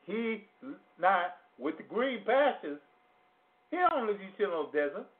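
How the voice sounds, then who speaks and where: Man preaching, high lively voice, slow drawn-out delivery, repeats phrases, casual grammar, phone-line sound. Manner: drawn-out, repeats phrases for emphasis, asks listeners questions. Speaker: radio preacher. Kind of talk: slow sermon teaching on scripture. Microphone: phone call-in to internet radio. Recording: tinny phone-line audio.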